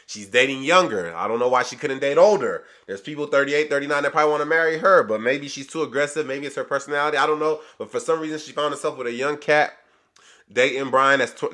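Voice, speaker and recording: A man's voice: medium pitch, bright, forceful tone. A man giving loose, slangy commentary on a reality show, acting out what the people on it say. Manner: loose slangy talk, acts out people's lines. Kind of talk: casual commentary.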